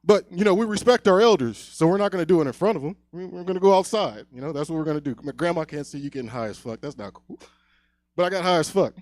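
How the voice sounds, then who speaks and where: A young man doing a stand-up set on a comedy club stage, telling a long story, often dropping to a hush, then getting loud again. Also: a little high, animated, quick pace, no echo. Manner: loose storytelling, swings loud and quiet.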